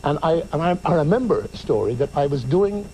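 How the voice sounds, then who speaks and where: A man's voice: on the high side, slight background noise. An older Irish man, an actor and talk show guest, telling stories in a theatrical way, acting out the people in them. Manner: lively, theatrical, quick to act out voices. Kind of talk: animated storytelling. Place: television studio.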